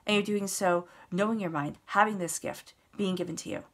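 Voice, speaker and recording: A woman's voice: mid-range voice, steady tone, brisk. A woman giving a casual, earnest tarot reading, talking straight to the listener and repeating words for emphasis. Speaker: tarot reader.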